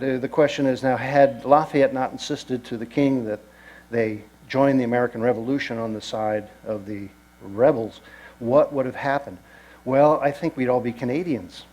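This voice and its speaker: A male lecturer talking to a room of listeners about the places ahead on a voyage. He speaks at an ordinary middle pitch and stops often, with frequent pauses and restarts. He drops in dry, wry asides. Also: a little mellow, low-quality recording. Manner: halting, with many pauses and restarts. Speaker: destination lecturer. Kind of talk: informal travel lecture to an audience.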